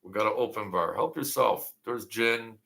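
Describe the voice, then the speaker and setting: With a voice on the low side, touched by vocal fry yet bright and forceful, a middle-aged man hosts a casual home livestream late at night at a moderate pace. His talk meanders through jokes and reminiscences, thick with fillers.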